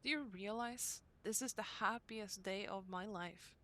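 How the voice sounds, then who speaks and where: A woman with a medium-pitched, bright, forceful voice reads aloud, earnestly and unhurriedly, the diary entries of a young woman devoted to her brother. The mood is joyful.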